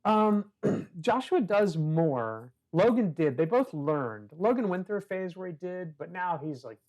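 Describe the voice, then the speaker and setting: A man talking as a podcast guest in a relaxed storytelling way. He leans on fillers, acts out other people's voices and slips in wry, self-deprecating humor. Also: high voice, unhurried. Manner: chatty, many "you know" fillers, acts out quoted voices. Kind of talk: casual conversational storytelling.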